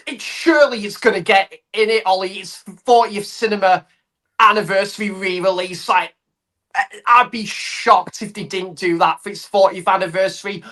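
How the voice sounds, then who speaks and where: A woman, chatting casually on a livestream in an unhurried, hedging way that circles back on itself. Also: mid-range voice, bright, forceful tone.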